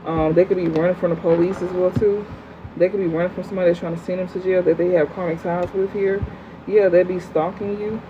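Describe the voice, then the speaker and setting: A tarot reader doing a livestream reading and answering chat in a blunt, profane, fast, slangy way. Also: mid-range voice, little pitch movement. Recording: phone-like audio with faint hum.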